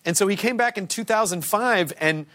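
A man in his forties hosting a talk show, chatty and quick to jump in with questions. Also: high voice, a crowd in the background. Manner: chatty, interjecting, self-correcting. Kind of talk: casual talk-show interview. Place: TV studio with live audience. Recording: studio with faint audience and noise.

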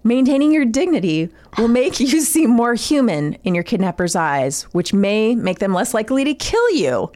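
A woman's voice: on the high side, very animated, normal speed, few pauses, a little mellow. A woman co-hosting a casual comedy podcast, reading a safety guide aloud and joking about it. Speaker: podcast co-host.

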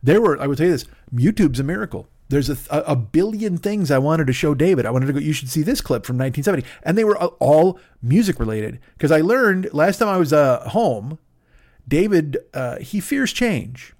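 Rambling, joking man with a higher voice. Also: big pitch swings, moderate pace, a little mellow. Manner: rambling, self-interrupting, sarcastic asides. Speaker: podcast host. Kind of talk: solo comedic monologue. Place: at a desk in a home studio. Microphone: studio microphone.

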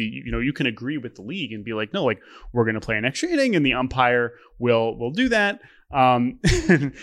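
A young man co-hosting a podcast, telling stories in a casual, animated way and laughing often. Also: mid-range voice. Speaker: podcast co-host. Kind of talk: casual chat.

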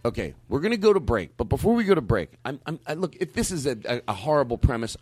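A male comedy host with a lively, swooping voice, playing at strict authority while he shushes the room and breaks into laughs. The sound is dry and close, with no room around it. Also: medium pitch, quick pace, no room sound, soft background music. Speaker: podcast host. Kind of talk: comedic banter. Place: studio.

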